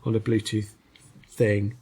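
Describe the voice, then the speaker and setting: A man's voice: fairly low pitch, little pitch movement, unhurried, dark tone, slight background noise. A man co-hosting a podcast, chatting casually about retro games in a rambling, hesitant way with lots of fillers. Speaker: podcast co-host.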